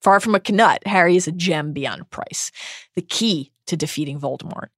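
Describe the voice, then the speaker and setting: A woman co-hosting a podcast, recapping book chapters in brisk summary with emphatic asides. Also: lowish voice, a bit bright, no echo, studio quality. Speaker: podcast co-host.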